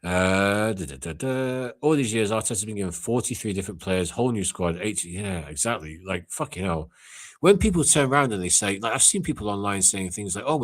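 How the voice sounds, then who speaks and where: Deep-voiced man ranting bluntly. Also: very animated, moderate pace. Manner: blunt, sweary, ranting with loud outbursts. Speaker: live call-in show host. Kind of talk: casual chat.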